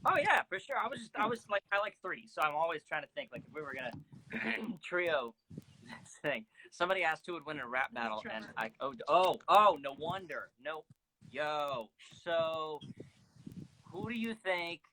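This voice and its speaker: A man's voice: fairly high pitch, sing-song, normal speed, sharp tone, slight background noise, rough recording. A young man, a singer hosting a phone livestream from home, chatting in an easygoing way with lots of fillers. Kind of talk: casual chat.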